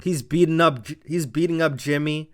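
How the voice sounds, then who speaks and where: A man reviewing a wrestling show, giving a casual, animated blow-by-blow recap with some swearing. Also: fairly high pitch, normal speed. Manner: animated, blow-by-blow retelling with profanity.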